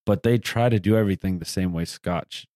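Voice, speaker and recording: A man's voice: sits low, fairly quick, mellow, no echo, clean studio sound. A man from the American South co-hosting a casual podcast, blunt and joking. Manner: blunt, joking, profane banter. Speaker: podcast co-host. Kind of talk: casual chat.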